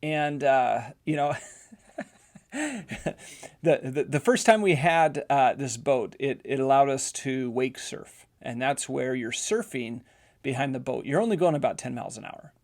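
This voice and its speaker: A man's voice: medium pitch, lively intonation, measured pace, a little mellow. A middle-aged man hosting a podcast, telling a casual story with many repeated words and fillers. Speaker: podcast host, physical therapist.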